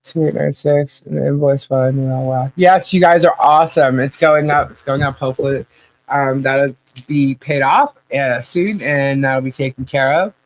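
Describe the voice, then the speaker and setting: A woman hosting a live podcast stream and reading the chat, chatty and halting, laughing often. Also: extremely low pitch, no echo, poor audio.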